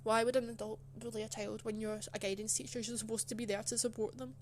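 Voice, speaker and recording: A woman's voice: a little high, flat delivery, fast, slight background noise. A young woman telling a casual personal story, chatty and indignant, full of filler words. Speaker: channel host.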